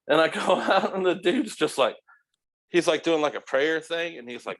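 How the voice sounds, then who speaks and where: Middle-aged man, podcast guest, loose animated storyteller, profane and laughing, a little higher-pitched than most. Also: normal speed. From United States. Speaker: podcast guest, restaurant owner. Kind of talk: casual storytelling.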